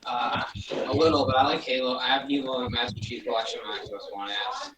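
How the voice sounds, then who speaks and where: A man's voice: medium pitch, brisk, distant mic, background noise. A man who is a little drunk, rambling in a mumbled casual chat. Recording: roomy, crowd chatter behind.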